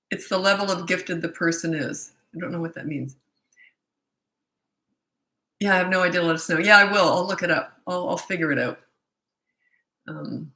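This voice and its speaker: A woman's voice: fairly low pitch, bright, forceful tone. Chatty older woman in an echoey room. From Canada. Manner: chatty and self-mocking, laughs often. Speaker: parenting coach. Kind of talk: casual livestream chat. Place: at home in British Columbia.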